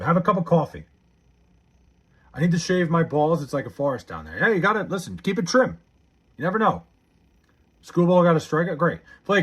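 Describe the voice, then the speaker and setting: Husky, animated young man streamer. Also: fairly high pitch. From Long Island, New York. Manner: blunt and profane, half-laughing. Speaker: live streamer. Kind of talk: casual live stream chat, reading viewer comments aloud.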